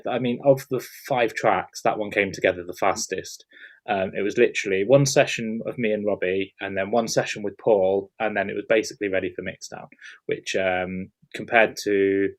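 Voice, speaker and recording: Brief: male producer, casual interviewer, low register, stop-start delivery. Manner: hesitant, many fillers and restarts.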